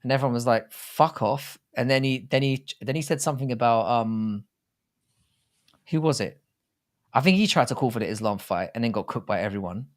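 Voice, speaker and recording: A man's voice: mid-range voice, fairly quick. A British man co-hosting a casual livestream, chatting in a rambling, banter-filled way. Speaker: podcast co-host.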